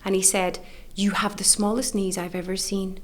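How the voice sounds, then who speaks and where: A middle-aged woman, an author and coach, chatting in a podcast interview. She tells her stories with real animation, acting out the other people in them. Her pitch swings high for the quoted lines. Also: moderate pace. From United Kingdom. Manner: animated, acts out quoted voices with big pitch jumps. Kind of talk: lively storytelling in an interview.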